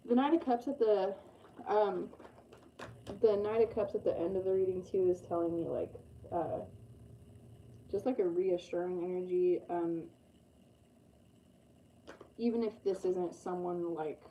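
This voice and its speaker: A woman's voice: lowish voice, fairly even intonation, unhurried, long pauses, lo-fi sound, a little hiss or hum. A woman giving a casual, rambling tarot reading, full of fillers and the odd swear. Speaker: tarot reader.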